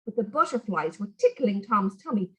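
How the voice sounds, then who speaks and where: A woman reading a children's story aloud in an expressive, animated way. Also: medium pitch, normal speed, husky, rough recording.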